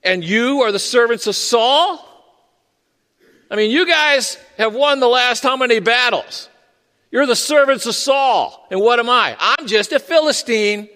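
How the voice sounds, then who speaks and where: A man doing a boastful giant warrior, pitched well above his own voice and bellowing defiant taunts across the field. The voice sways widely as it mocks, and it rings with the long reverb of a big hall. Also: lively intonation, a little slow, pushed and bright, full character voice. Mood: taunting.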